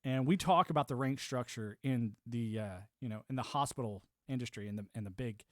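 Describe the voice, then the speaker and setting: A man's voice: mid-range voice, a little fast, dry recording, studio quality. A man in his forties ranting on a live stream, rambling and swearing, with lots of "you know". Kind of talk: ranting monologue.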